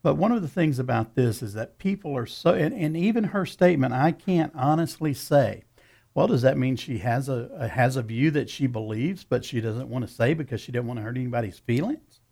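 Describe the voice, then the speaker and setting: A man's voice: medium pitch, lively intonation, a little fast, creaky, a little mellow, breathy edge. A man hosting a radio talk show, asking questions and steering the conversation in a friendly, conversational way.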